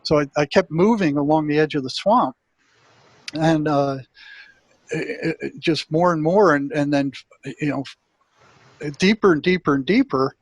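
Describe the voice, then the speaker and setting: A man's voice: fairly high pitch, a little slow, pauses often, dry recording. An older man, a retired therapist, telling a long personal story in a rambling way and acting out his inner voices. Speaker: guest, retired psychotherapist. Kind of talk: storytelling in an interview.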